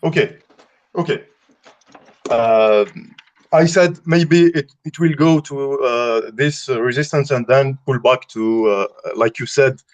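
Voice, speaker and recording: French-accented guy calling in, halting, lots of uhs, polite. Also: medium pitch, muffled recording. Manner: halting, many fillers, polite. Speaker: caller. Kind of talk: casual call-in question.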